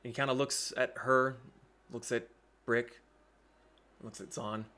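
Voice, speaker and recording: A man narrating a tabletop game as game master, in a relaxed, hedging way. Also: mid-range voice, takes it slowly.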